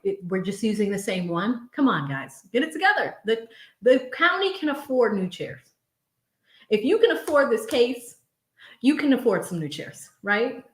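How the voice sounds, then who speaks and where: A woman's voice: medium pitch, reverberant. A young woman hosting a casual live stream from home, chatting expressively and often laughing as she reads viewer messages aloud. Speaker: livestream host reading viewer super chats.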